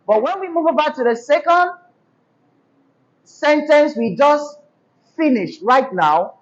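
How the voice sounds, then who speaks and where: A woman's voice: high-pitched, expressive, dull audio. A woman teaching a diction class, asking questions and having pupils repeat after her. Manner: call-and-response prompting, deliberate.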